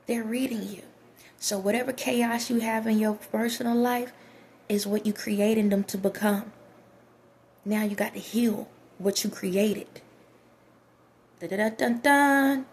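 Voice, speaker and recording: A woman's voice: mid-range voice, gravelly, a little mellow, a little hiss or hum. A woman vlogger giving casual spiritual advice to her viewers, emphatic and preachy, often repeating herself.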